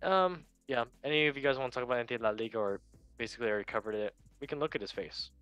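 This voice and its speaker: A man's voice: mid-range voice, racing, fairly bright tone, clean tone, dull audio, soft background music. A young man hosting a casual sports podcast, chatty and enthusiastic with plenty of slang. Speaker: podcast host.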